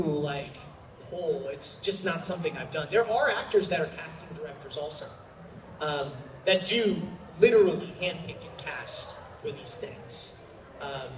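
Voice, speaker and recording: High-voiced man answering a convention panel. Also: a little hiss or hum. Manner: chatty, animated, with many fillers. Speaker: voice actor. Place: large convention hall. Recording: roomy hall sound from a distant mic.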